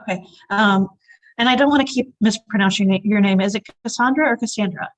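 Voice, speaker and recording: A woman's voice: medium pitch, fast talker. A woman speaking as a panelist on a video call, chatty and rambling, often correcting herself.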